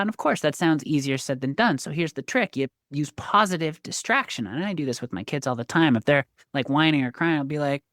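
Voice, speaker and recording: Animated, upbeat woman coach. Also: sits low, brisk, few pauses, no room sound, clean studio sound. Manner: animated, enthusiastic, motivational. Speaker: guest, success coach and pickleball coach. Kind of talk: casual interview talk.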